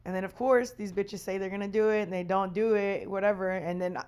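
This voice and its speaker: A woman's voice: mid-range voice, steady tone, a little fast, darkish tone, clear, resonant tone. A woman hosting a podcast in casual chat, candid and profane, often breaking into laughter. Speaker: podcast host.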